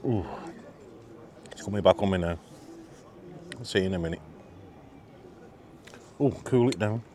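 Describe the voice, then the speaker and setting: A British man with a fairly low voice hosts a casual food vlog at a marina, rating what he eats and bantering between bites. His talk is chatty and jokey, recorded outdoors. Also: a little slow, darkish tone, a little hiss or hum. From Britain. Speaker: vlog host.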